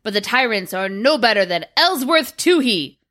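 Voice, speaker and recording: A woman's voice: fairly high pitch, big pitch swings, normal speed, a bit bright. A woman putting on an old-timey man's voice to read a proclamation in a mock-solemn, pompous way. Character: old-timey American man reading a proclamation.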